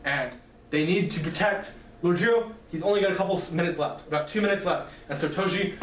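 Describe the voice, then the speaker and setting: Brisk and sitting high, a novelist's voice rambles through a casual lecture recapping his book's plot, with lots of ums and restarts. A distant mic picks up a roomy sound and faint noise.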